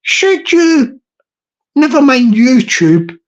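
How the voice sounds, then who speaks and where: A man's voice: extremely high pitch, very animated, extremely slow. A middle-aged man with a Scottish accent chats loosely to his live-stream audience. He digresses and restarts his sentences. The audio sounds a little muffled and lo-fi. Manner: rambling and digressive, with frequent restarts. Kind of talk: casual live-stream chat. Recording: slightly dull lo-fi recording.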